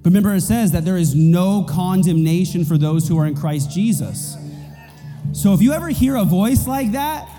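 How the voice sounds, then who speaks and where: A man's voice: high-pitched, expressive, normal speed, dark tone. A man preaching a sermon in a church, emphatic and repeating his key points, in a reverberant hall with faint music. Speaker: pastor.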